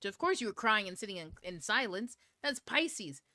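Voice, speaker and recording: A woman's voice: mid-range voice, sing-song, normal speed, bright, forceful tone, no room sound. A woman hosting a book club livestream, chatting casually to her viewers, swearing freely and laughing as she rambles. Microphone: camera mic on a DSLR.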